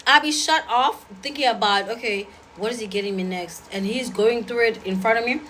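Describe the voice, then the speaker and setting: A woman's voice: a little high, fairly bright tone, slight background noise, low-quality recording. Blunt, sassy woman talking to a crowd. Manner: blunt, sassy, rapid-fire. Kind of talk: casual talk to an audience.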